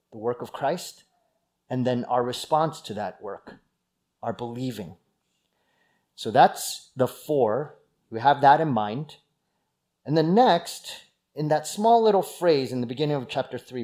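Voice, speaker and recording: A man's voice: medium pitch, expressive, a little slow, darkish tone. A male pastor preaching a sermon in a conversational teaching manner, stressing key words.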